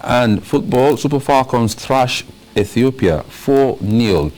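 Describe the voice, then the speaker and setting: A man's voice: medium pitch, lively intonation, takes it slowly, darkish tone, rough recording. A man hosting a morning newspaper review in a broadcast studio, reading headlines in short bursts and laughing easily with his co-host.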